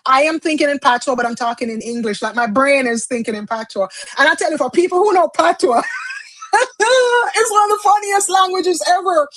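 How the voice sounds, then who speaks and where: A Jamaican woman with a high voice chats easily as a tarot reader, dropping into patois now and then. The sound is dry and close, with no room echo. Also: moderate pace, fairly bright tone. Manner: chatty, switches into patois phrases, laughs often. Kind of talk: casual livestream chat.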